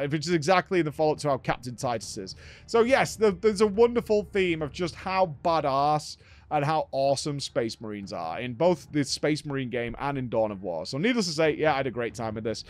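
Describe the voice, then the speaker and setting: A man's voice: fairly high pitch, expressive, fairly quick. A man hosting a gaming show, recapping a game in a rambling, enthusiastic way.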